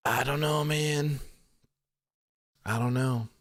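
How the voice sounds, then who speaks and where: A man's voice: mid-range voice, fairly even intonation, slow, no room sound, studio quality. A man hosting a live wrestling stream in casual chat. He reads viewer comments aloud and reacts offhandedly, swearing freely.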